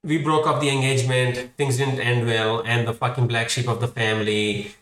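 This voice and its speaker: A man's voice: medium pitch, flat delivery, moderate pace, a bit bright. A young man hosting a podcast, delivering a casual comedic monologue in a profane, ranting, wry way. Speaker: podcast host. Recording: roomy, distant mic.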